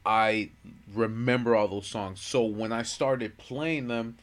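A man's voice: mid-range voice, slow. A man in his thirties co-hosting a podcast in casual chat, telling stories animatedly and acting out what people said. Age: 30s. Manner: animated storyteller, acts out quotes. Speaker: podcast co-host.

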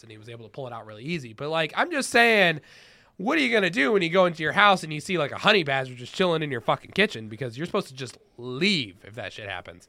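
A man co-hosting a podcast in casual chat, animated and swearing often. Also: on the high side, quick pace, no echo. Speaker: podcast co-host.

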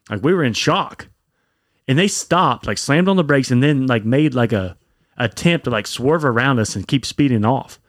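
Animated, swearing young man telling a story. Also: medium pitch, fairly quick, no room sound, studio quality. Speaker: podcast co-host. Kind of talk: casual chat.

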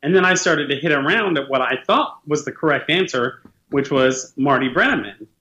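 Man, podcast co-host, dry teasing humor, bright tone. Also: on the high side, expressive, moderate pace, highs cut off. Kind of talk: casual podcast chat.

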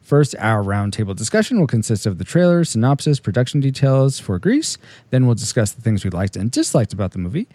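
Male podcast host; playful, jokey, mellow, dry close mic. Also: medium pitch, very animated, fairly quick, no room sound. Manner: playful, jokey, reads segment intros. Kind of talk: casual chat with scripted segments.

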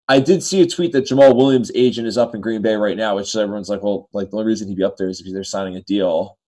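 A man's voice: fairly low pitch, low-quality recording. A man co-hosting a sports talk show, joking and self-deprecating, his voice cracking now and then. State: voice keeps cracking. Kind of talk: casual sports chat.

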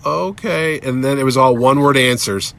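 Animated storytelling man. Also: mid-range voice, a little fast. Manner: acts out quoted people in shifting voices, rambling and animated. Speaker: podcast host. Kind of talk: casual chat, animated storytelling.

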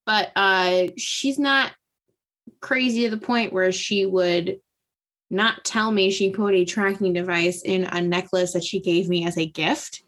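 A woman's voice: mid-range voice, measured pace. A woman casually retelling a book plot, laughing often and acting out the characters' lines. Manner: laughing, animated retelling with acted-out quotes. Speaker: podcast co-host recapping a book. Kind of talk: casual chat.

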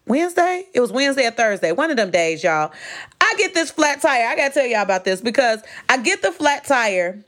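A woman's voice: a little high, fairly quick. A woman from Chicago hosting her own podcast, talking casually and animatedly to her listeners. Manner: chatty and animated, addressing listeners as "y'all". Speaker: podcast host. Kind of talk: casual solo podcast talk. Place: home.

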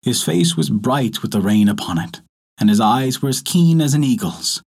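A man reading a folktale aloud as a storyteller, in measured, expressive narration. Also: medium pitch, husky. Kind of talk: scripted narration.

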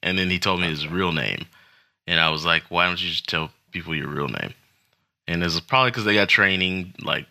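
A low-pitched man with a very bright, forceful tone co-hosts a casual crypto news show. He rambles through headlines with jokey asides and nervous disclaimers. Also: a little fast, gravelly. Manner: joking, rambling, self-conscious asides. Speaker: podcast co-host.

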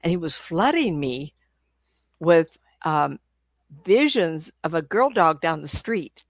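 An older woman tells lively stories as a guest on a video call from home. Her voice is a bit low for a woman and sounds dry and close to the mic. She talks in an animated, chatty way, laughs often, and keeps restarting her sentences. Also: takes it slowly, dry recording. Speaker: psychic medium guest. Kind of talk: casual interview storytelling.

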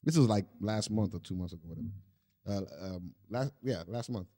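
A man's voice: fairly low pitch, lively intonation, brisk, mellow. Rambling man hosting a casual chat. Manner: rambling, many fillers like "you know what I'm saying". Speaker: host.

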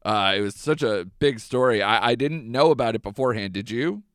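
A man's voice: mid-range voice, brisk, fairly bright tone, smooth, dry recording, clean studio sound. A young man hosting a movie podcast, chatting casually and animatedly with lots of fillers. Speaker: podcast host.

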